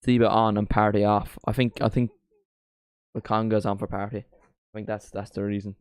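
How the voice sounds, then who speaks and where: Low-voiced man chatting on a watchalong. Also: flat delivery, normal speed, clean tone, no echo. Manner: chatty, jokey, rambling. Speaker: streamer hosting a live watchalong. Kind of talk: casual live football chat.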